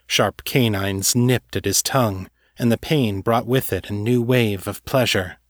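Casting: low-pitched male author-narrator, measured delivery, dry close-mic sound. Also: no room sound. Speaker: author and podcast host. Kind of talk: scripted fiction narration.

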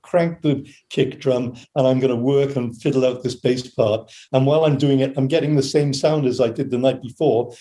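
Older man telling studio stories, mellow voice. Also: medium pitch. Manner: animated anecdotes, acts out quotes and hums melodies. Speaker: session keyboard player telling studio stories. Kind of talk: casual storytelling interview.

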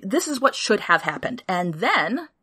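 A woman talks through a TV episode with her co-host, her pitch swinging widely as she goes. She speaks casually, throws in swear words and jumps between quick asides. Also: big pitch swings, pushed and bright, slightly rough. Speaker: podcast co-host. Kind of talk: casual chat recapping a TV show.

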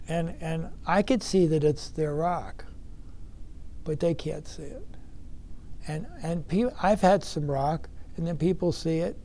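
A man's voice: fairly high pitch, unhurried, warm tone, a little hiss or hum. A man giving an earnest recovery meeting talk, telling his story with emphatic bursts. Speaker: speaker sharing recovery experience.

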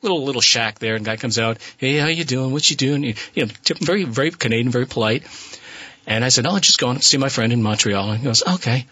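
A man, a musician guest on a radio show, telling an animated anecdote and laughing as he goes. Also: medium pitch, fast, breathy edge, no echo. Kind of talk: storytelling on radio.

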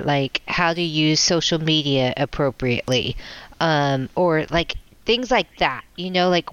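A woman's voice: low-pitched, fairly bright tone, smooth, no room sound. A woman co-hosting a casual podcast, hesitant and searching for her words.

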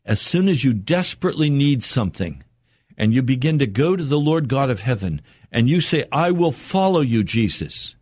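An older man preaching an earnest radio sermon, his voice climbing higher as he presses a point. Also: sing-song, fairly quick, a little mellow, slightly rough, no room sound, studio quality. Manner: earnest, rising in pitch for emphasis and quotes.

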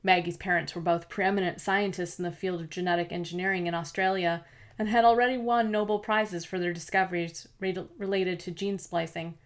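A woman reading a novel aloud as narrator, in a steady, measured storytelling manner. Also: on the low side. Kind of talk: scripted audiobook narration.

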